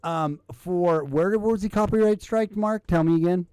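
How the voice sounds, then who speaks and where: A man's voice: high-pitched, normal speed, warm tone, clean tone, dry recording. A man hosting a live call-in stream with casual drinking banter. He is a little drunk, rambles and swears, and keeps relaying the caller's words to his co-hosts.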